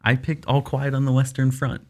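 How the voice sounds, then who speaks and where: Gravelly young man, earnest and eager. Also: mid-range voice, flat delivery, brisk, a little mellow. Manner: earnest, enthusiastic, hesitant restarts. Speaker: podcast co-host. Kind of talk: casual chat about movies.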